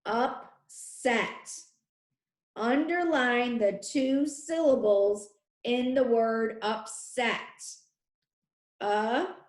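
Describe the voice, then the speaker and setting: Slow-dictating woman teacher, echoey room. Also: fairly high pitch. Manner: slow, deliberate dictation with repeated words. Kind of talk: spelling dictation for a class.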